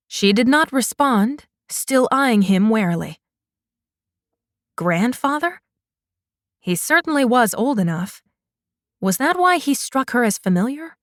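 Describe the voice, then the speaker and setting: A woman narrating a fantasy romance audiobook in a measured, unhurried manner. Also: fairly high pitch, no echo, studio quality.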